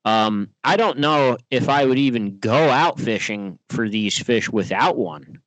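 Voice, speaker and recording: A man co-hosting a fishing podcast, talking quickly and eagerly in a casual chat. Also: mid-range voice, expressive, no echo, poor audio. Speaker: podcast co-host.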